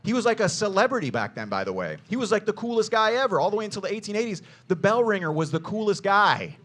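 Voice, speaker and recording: A man giving a jokey, energetic history talk to a group as a tour guide, teasing the listeners and calling them "you guys" and "baby.". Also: sits high, quick pace.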